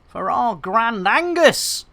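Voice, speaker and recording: A woman streams a game with jokey, rambling chatter and pet catchphrases. Her pitch swings widely, bouncing up and down as she talks. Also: sing-song, takes it slowly, creaky. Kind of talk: game livestream commentary.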